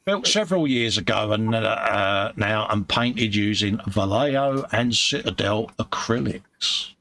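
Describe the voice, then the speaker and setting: Gravelly man hosting a chat stream. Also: lowish voice, lively intonation, unhurried, a bit bright. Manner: matey banter, reads out viewer comments. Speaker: live-stream host. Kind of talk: casual chat.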